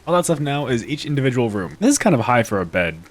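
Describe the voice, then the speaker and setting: A man's voice: mid-range voice, big pitch swings, quick pace. A man giving casual, playful commentary as a gaming YouTuber, poking fun at himself and laughing often. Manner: playful and self-mocking, with frequent laughter.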